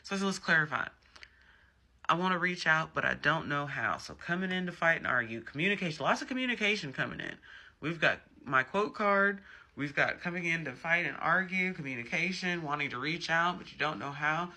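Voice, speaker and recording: A man's voice: fairly high pitch, animated, a little fast, pushed and bright. A man giving a casual tarot reading, chatty and emphatic, with frequent personal asides. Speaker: tarot reader.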